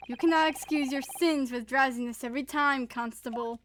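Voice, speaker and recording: A woman voicing a cold, haughty male prosecutor who speaks slowly and disdainfully. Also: fairly bright tone, slight background noise. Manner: slow, disdainful and lowered.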